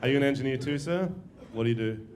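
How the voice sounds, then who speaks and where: A young Australian man doing a crude, brash live stand-up routine, telling stories with quick asides. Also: mid-range voice, a little mellow. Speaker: stand-up comedian. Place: comedy venue stage.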